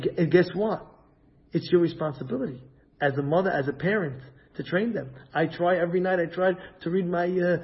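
A man giving an inspirational religious talk on parenting, animated and acting out family dialogues. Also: sits high, highs cut off. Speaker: Torah lecturer giving parenting advice.

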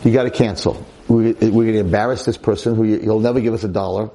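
A man's voice: lowish voice, fairly even intonation, fast talker, mellow, close to an everyday voice. Man doing his secretary, anxious and in a hurry, basically his own voice. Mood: worried. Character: worried woman secretary reporting a problem.

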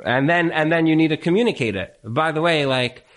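A man with a fairly high voice speaks into a handheld mic in front of a live audience, giving marriage advice. He is emphatic and repeats his points, and he often throws in rhetorical questions. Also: fairly quick, fairly bright tone. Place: event room with an audience.

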